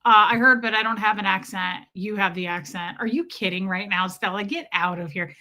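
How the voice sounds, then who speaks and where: A bright, chatty American woman in her 40s hosts a livestream, casually reading viewer comments aloud. Her mid-range voice moves fairly quickly, and her manner is sarcastic and full of jokes.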